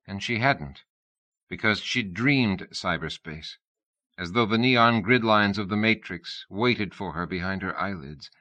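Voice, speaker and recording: A man reading an audiobook in steady, even storytelling narration. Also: lowish voice, unhurried.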